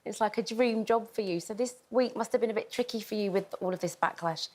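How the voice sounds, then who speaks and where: Woman host asking gentle questions. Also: mid-range voice, fast. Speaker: chat show host. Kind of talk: interview questions.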